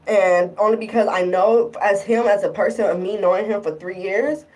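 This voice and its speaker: A woman's voice: mid-range voice, fairly even intonation, moderate pace, a little mellow. A woman in a casual vlog, retelling her relationship troubles in an exasperated, rambling way with lots of fillers. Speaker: vlogger. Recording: distant from the microphone.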